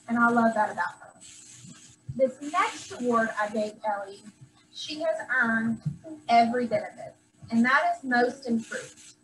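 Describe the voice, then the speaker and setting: A woman teacher handing out awards to her first-grade class, speaking with warmth and sometimes getting teary. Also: fairly high pitch. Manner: affectionate, gets teary. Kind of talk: award ceremony speech to a class. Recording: distant camera, faint room noise.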